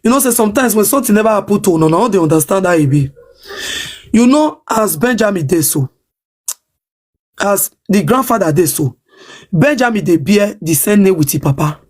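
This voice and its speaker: A woman with a Nigerian Pidgin English accent rants on a livestream, emphatic and defiant, repeating her points again and again. Her medium-pitched voice is expressive, fairly quick, and slightly mellow.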